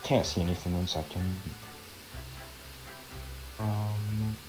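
A man chatting casually during a group game session, relaxed and a bit distracted. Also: on the low side, takes it slowly, over music, low-quality recording. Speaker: gamer in a group.

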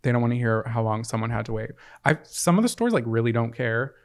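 A man in a casual podcast conversation, with an earnest tone and long, wandering explanations. His voice sits at an ordinary pitch for a man. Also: expressive, quick pace. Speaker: podcast co-host. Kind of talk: casual chat.

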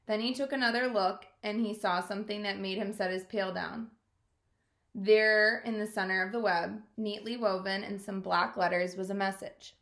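A woman teacher reading a children's storybook aloud in an expressive way, in a roomy-sounding recording. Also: medium pitch, moderate pace, gravelly. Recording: roomy echo.

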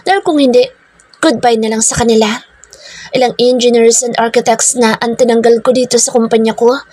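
Woman, story narration, stern and bossy, higher voice, dry sound. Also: darkish tone, no room sound. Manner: stern, bossy narrator voicing a strict company owner. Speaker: storyteller narrating a first-person romance. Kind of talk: scripted first-person narration, mixing English and Tagalog.

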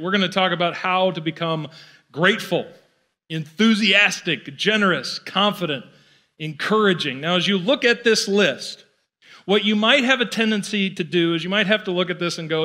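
A male pastor with a high, bright voice speaks to his congregation in a loose, conversational way. He keeps slipping into little acted-out voices to play the people he describes. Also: animated, brisk. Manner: conversational, playful, acts out quoted voices. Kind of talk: sermon. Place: church auditorium.

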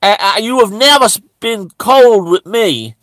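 A man's voice: high-pitched, expressive, measured pace, fairly bright tone, dry recording. A man playing a rambling, bigoted churchgoing man in a satirical monologue, stammering and restarting almost every phrase. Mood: aggrieved. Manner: stammering, with constant restarts and repeated words.

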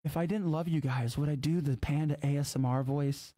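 A man in his late twenties, chatting casually and profanely with his live-stream audience while he plays a game, loud one moment and soft and thankful the next. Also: fairly high pitch, fairly quick. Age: late 20s. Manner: excitable and profane, swinging between loud outbursts and soft thanks.

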